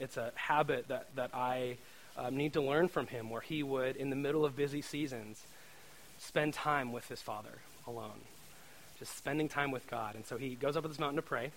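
A man giving a casual sermon in a chatty, joking way, often asking "right?" and getting louder and higher when excited. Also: normal speed, poor audio. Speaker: preacher.

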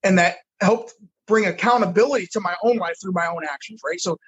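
A middle-aged man with a high voice and a husky edge speaks frankly about his past. He is a football coach telling his life story in conversation. He often repeats words as he goes. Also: brisk, fairly bright tone, lo-fi sound. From United States.

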